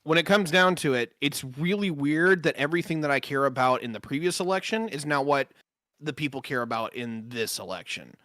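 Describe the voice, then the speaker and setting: A man on an online panel, talking bluntly with lots of swearing and halting restarts. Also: fairly high pitch, animated, sharp tone, no echo. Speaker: panel member. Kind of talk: heated online panel discussion.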